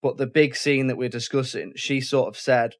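A man's voice: mid-range voice, steady tone, normal speed. A man hosting a casual film discussion, chatty and given to restarting his sentences. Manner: chatty, self-interrupting, with frequent restarts. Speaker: podcast host.

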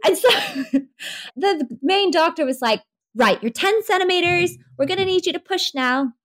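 A young woman, a podcast guest, telling her birth story in an animated way, laughing often. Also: extremely high pitch, normal speed.

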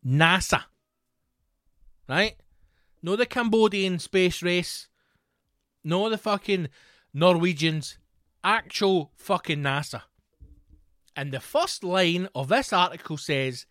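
A male podcast host rants in a sweary, incredulous way, his voice sitting somewhat high. The sound is dry and close, with no room behind it. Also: slow, pauses often, fairly bright tone, no echo. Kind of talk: comedy podcast rant.

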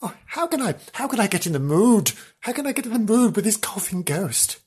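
A man voicing a flustered middle-aged woman on a weekend getaway in a haunted hotel, fussy and excitable, breaking into trilling exclamations. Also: sits high, fairly quick, breathy edge, pitched above the performer's own voice, heavily acted.

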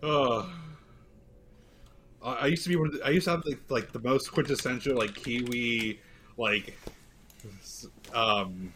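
A man's voice: medium pitch, unhurried, long pauses, fairly bright tone, slight background noise. A man who is a guest on a podcast game show, chatting loosely and laughing easily. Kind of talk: casual chat.

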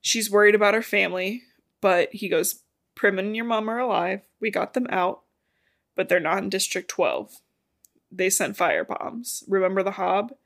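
A woman's voice: mid-range voice, normal speed, creaky, fairly bright tone. A woman co-hosting a podcast, casually retelling a novel's plot in a chatty way with the odd swear word. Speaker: podcast co-host. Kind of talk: casual book recap chat.

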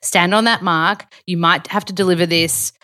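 A woman's voice: lowish voice, steady tone, sharp tone. A woman hosting a podcast, chatting casually and eagerly agreeing with her guest. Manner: eager, agreeable, quick to affirm. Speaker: podcast host. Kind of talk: casual interview chat.

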